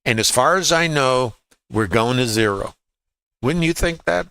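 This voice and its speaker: Emphatic man teaching trades, bright voice. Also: mid-range voice, expressive, unhurried, vocal fry, clean tone, no echo, rough recording. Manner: emphatic, repeats key words, asks rhetorical questions. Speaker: trading educator. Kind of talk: live trading chart walkthrough.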